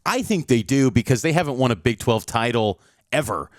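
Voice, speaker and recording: A man's voice: mid-range voice, very animated, brisk, no room sound, clean studio sound. A male sports reporter giving a confident, stat-heavy preview of a college football game.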